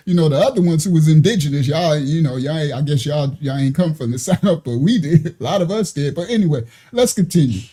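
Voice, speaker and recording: New York man, reaction host, high animated voice, laughs a lot while teasing. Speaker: host reacting to video clips. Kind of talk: casual reaction commentary.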